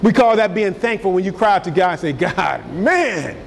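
A man preaching a sermon as pastor, energetic and swinging between loud and soft. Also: high-pitched, fast talker, slight background noise. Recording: hall reverb with faint ambience.

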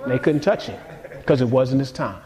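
A man preaching a sermon in a casual, conversational way, swinging between quiet passages and sudden emphatic peaks. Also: medium pitch, moderate pace, background noise. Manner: casual conversational delivery with repeated words. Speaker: pastor.

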